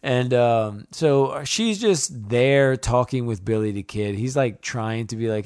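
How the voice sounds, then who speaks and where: A man's voice: medium pitch, expressive, unhurried, hardly any pauses, a little mellow, clean tone, no room sound, studio quality. A young man chatting casually as a podcast co-host, rambling, swearing, and laughing as he reviews a movie. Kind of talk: casual chat.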